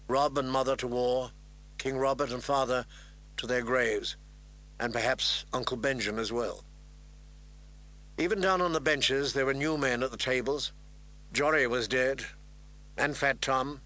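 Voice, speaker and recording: A man narrating a fantasy novel in a measured, even storytelling voice. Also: mid-range voice. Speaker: audiobook narrator.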